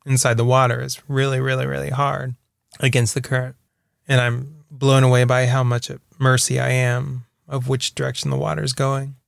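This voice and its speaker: A man hosting a casual solo podcast, rambling and self-deprecating, laughing at himself and now and then singing a line of a song in a high voice. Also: gravelly, dry recording, studio quality. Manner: sings snatches of songs in a put-on high voice. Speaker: podcast host.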